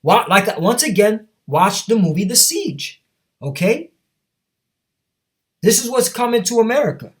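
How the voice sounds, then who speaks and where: Emphatic preacher man, fairly high voice. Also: very animated, a little slow, pauses often. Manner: emphatic, repetitive, with many tag questions. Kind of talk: street sermon with scripture reading.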